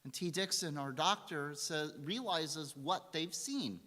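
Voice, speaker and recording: A man giving a holiday sermon as rabbi, telling a story and acting out the quotes in a lively way. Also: on the high side, a little slow. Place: synagogue sanctuary. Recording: long hall reverb.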